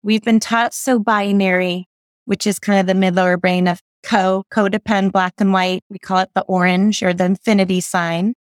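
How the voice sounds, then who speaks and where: A woman's voice: mid-range voice, flat delivery, moderate pace, smooth, no room sound. A woman explaining spiritual ideas as a podcast guest, circling back and correcting herself as she goes. Her voice sits in a middle register. The sound is dry and close, with no room around it. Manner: rambling, self-correcting, spiritual teacher tone. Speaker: guest, intuition teacher. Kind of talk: conversational interview, explaining ideas.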